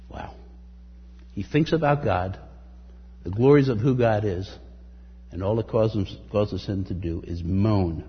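A man's voice: on the low side, a little slow, pauses often, slightly rough, big-room sound, dull audio. A man preaching a sermon, earnestly reading scripture aloud and lifting his voice on the quoted verses. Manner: earnest, reads scripture aloud with rising emphasis. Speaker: pastor.

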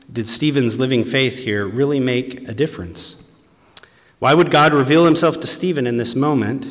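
A man preaching a sermon with earnest conviction, dropping to hushed tones and then rising to emphatic, raised passages. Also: mid-range voice. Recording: long reverb from a large hall.

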